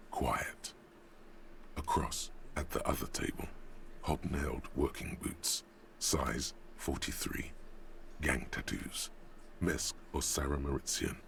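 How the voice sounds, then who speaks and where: An actor voicing a detective's inner voice as a game narrator, measured, solemn and coolly observant. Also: male voice, a bass voice, creaky, a little hiss or hum, exaggerated voice. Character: grave inner voice of a detective's mind.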